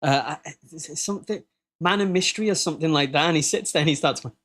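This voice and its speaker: Fast and fairly bright in tone, a man from the UK hosts a casual live podcast. He cracks jokes, laughs, and sometimes quotes others in a silly squeaky voice.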